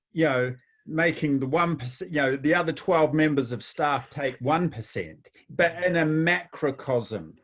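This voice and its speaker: A man hosting a casual talk, rambling with many restarts and telling anecdotes. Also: fairly high pitch. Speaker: host. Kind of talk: casual chat.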